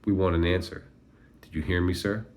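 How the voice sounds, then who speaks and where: A man voicing a teenage boy who puts on a high, nasal twang to taunt a captive teacher. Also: fairly even intonation, fairly quick, close to an everyday voice.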